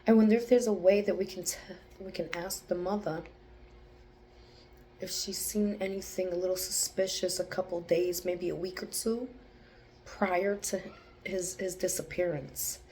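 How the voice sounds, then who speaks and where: A young woman who gives an intuitive psychic reading, thinking aloud, hesitating and pausing to focus. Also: on the low side, fairly even intonation, dark tone, a little hiss or hum. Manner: hesitant, restarts, pauses to focus. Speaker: psychic channeler.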